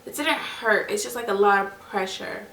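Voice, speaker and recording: A young woman with a bright, slightly gravelly voice chats to her viewers as she tells a personal story. She talks casually and acts out other people's lines as she goes. The sound is roomy and a little distant, with a faint hum of the room behind her. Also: mid-range voice, normal speed. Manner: chatty, addresses viewers as "you guys" and "y'all". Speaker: vlogger. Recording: echoey room, mic at a distance.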